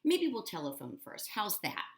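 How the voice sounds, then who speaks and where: A woman's voice: mid-range voice, wildly swooping pitch, moderate pace, creaky, voice pushed up. A woman reading aloud and voicing a theatrical, fussy grown man showman in a storybook, dramatic and wheedling. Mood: soothing.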